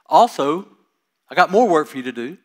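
A man preaching a sermon, reading Scripture aloud and explaining it in plain, casual asides, swinging between loud emphasis and quiet, trailing lines. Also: on the high side, expressive, normal speed. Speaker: pastor.

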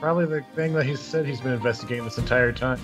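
A young man playing a game on a stream, chatting casually and yelling at the screen. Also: medium pitch, very fast, music in the background. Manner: excitable, yells at the game. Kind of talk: casual chat while playing.

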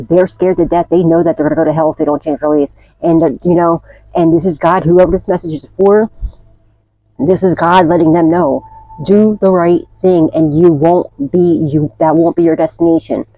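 A woman's voice: fairly low pitch, fairly even intonation, moderate pace, warm tone, dry recording, low-quality recording. A woman doing a casual spiritual tarot reading, chatty and blunt, swearing freely and often asking "okay?". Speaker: tarot reader.

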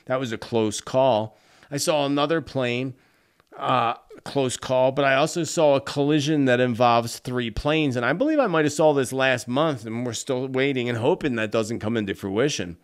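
A psychic host on his own channel earnestly shares his predictions straight to camera, often calling viewers "friends." His voice is medium-pitched and clean, at a moderate pace.

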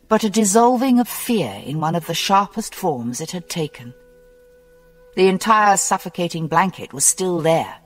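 Slow, animated mystery audiobook narrator, husky tone, long hall reverb and soft music underneath. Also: mid-range voice. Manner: slow, measured and expressive reading. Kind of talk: scripted novel narration.

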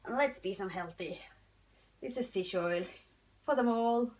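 A woman's voice: medium pitch, unhurried. A young woman, unboxing new things at home and cooing to her pets in a sing-song way. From Norway. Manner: coos and sing-songs at her animals. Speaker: pet vlogger. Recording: noisy home recording.

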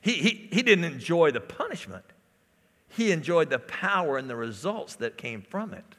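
A man's voice: on the high side, sing-song, normal speed, a bit bright, long reverb tail. A man preaching a sermon as a pastor, repeating phrases and calling out to the congregation in a church. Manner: preaching with repetitions and call-outs to the congregation. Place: church sanctuary.

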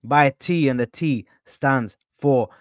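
A young man hosting a casual football live stream, full of slang and shout-outs to viewers. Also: medium pitch, takes it slowly, no echo, lo-fi sound. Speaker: host.

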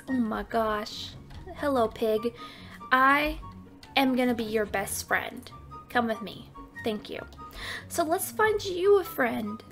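Playful high-voiced woman gaming, unhurried. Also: animated, gravelly, a bit bright, soft background music. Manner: playful, keeps saying oink oink oink. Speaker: gaming channel host. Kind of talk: casual Minecraft let's play commentary.

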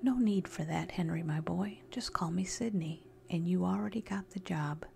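A woman's voice: lowish voice, normal speed, vocal fry, a little mellow, slight background noise. A woman voicing an eccentric, enthusiastic male agency boss in a whispered role-play. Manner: enthusiastic, briefly menacing.

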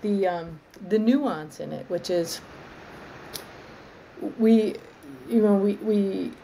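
A woman arborist trainer as an interview guest, explaining in a thoughtful, measured way and often restarting her phrases. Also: mid-range voice, creaky, warm tone, a little hiss or hum, poor audio. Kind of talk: conversational interview.

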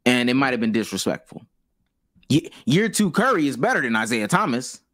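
A young man co-hosting a podcast, talking casually and haltingly, restarting phrases as he thinks aloud. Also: medium pitch, big pitch swings, fairly bright tone, no echo, clean studio sound. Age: young adult. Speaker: podcast co-host. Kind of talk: casual debate chat.

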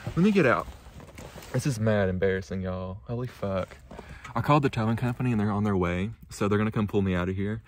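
Talking fast in a lowish voice, this young vlogger rambles and swears heavily, leaning on "like" and "y'all," as he films from his car and the snowy roadside and then a parked truck. There's a little hiss or hum.

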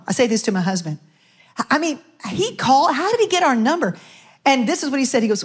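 A woman pastor, middle-aged, tells her testimony to her church in an animated, storytelling way. Her voice sits a little high, and she slips in and out of the voices of the people she quotes. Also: fast. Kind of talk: sermon testimony. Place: church stage.

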